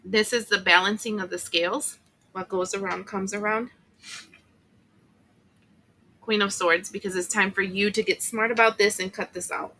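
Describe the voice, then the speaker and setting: Bright-voiced woman giving a chatty tarot reading. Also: mid-range voice, fairly even intonation, fairly quick, a little hiss or hum, rough recording. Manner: chatty, emotional, many fillers and asides. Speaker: tarot reader.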